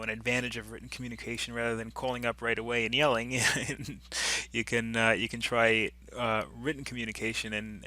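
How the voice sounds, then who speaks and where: A middle-aged man lecturing on business topics in a loose, unscripted way. His voice is bright and clear-edged at an ordinary pitch. He circles back and restarts his sentences often. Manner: rambling, full of restarts and asides.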